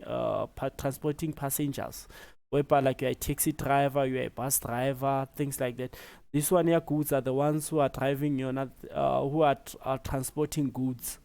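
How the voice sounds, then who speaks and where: A South African man giving a relaxed step-by-step tutorial, with many fillers as he explains. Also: mid-range voice, vocal fry. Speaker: tutorial presenter. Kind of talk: screen-recorded tutorial.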